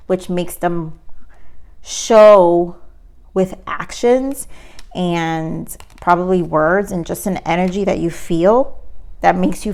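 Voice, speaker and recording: A woman giving an earnest, emphatic tarot reading to viewers, often repeating herself. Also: fairly low pitch. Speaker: tarot reader.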